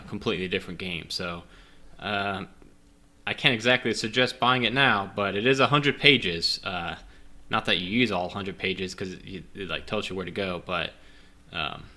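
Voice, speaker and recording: Game master, male, low-ish bright voice, casual and rambling, self-deprecating, drinking a bit. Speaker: game master playing a solo gamebook. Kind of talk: casual chat and reading game narration.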